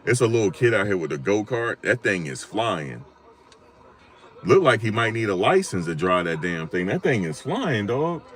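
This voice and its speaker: A man's voice: deep voice, moderate pace. A man from Virginia hosting a live stream, telling a story in a casual, slangy way and acting out what people said. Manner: animated slangy storytelling, acts out quotes.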